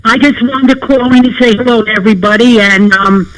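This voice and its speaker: A woman's voice: on the high side, a little fast, fairly bright tone, dry recording, poor audio. A woman with a downstate New York accent calling in to a show, chatting in a friendly, folksy way. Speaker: caller. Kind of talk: casual call-in chat.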